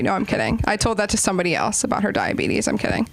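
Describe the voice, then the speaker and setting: A woman's voice: a little high, very animated, fast talker, few pauses, fairly bright tone, dry recording. A young woman from Los Angeles hosting an open mic, doing rambling, self-deprecating stand-up between acts. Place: small comedy club stage.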